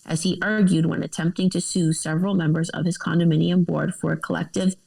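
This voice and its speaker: A woman's voice: lowish voice, steady tone, a little fast, creaky, a little mellow, breathy edge, low-quality recording. A woman co-hosting a podcast, reading news articles aloud with casual asides and laughs.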